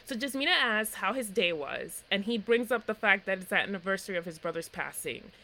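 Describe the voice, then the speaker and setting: A woman with a mid-range voice, speaking fairly quickly over poor audio, co-hosts a podcast recapping a reality show. Her casual chat turns into animated storytelling as she acts out the quotes.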